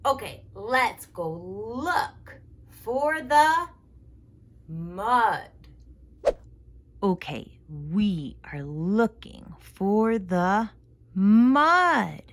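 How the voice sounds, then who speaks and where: The American therapist's voice sits mid-range here and sounds animated as she leads a playful toddler lesson. She makes animal noises and elongates her words in a slow, sing-song, exaggerated style.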